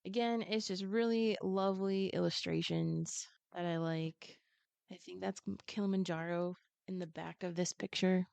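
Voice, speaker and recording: A woman chatting casually as a podcast guest, retelling a picture book in an animated way and playing the characters' lines in quick asides. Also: lowish voice, vocal fry, smooth, no room sound.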